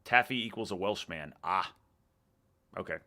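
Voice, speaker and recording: Laid-back Texan man with a bright voice. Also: deep voice, normal speed. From Texas, USA. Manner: rambling, laid-back, laughs often, trails off mid-sentence. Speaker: live streamer reading chat. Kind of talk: casual live-stream chat.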